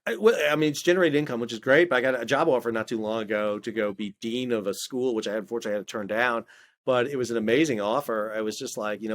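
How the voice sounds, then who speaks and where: A middle-aged man speaking as an interview guest, telling lively anecdotes in a casual conversational way, often restarting his words. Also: mid-range voice, fast talker. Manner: animated storyteller, frequent stammered restarts. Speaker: podcast guest, maritime historian.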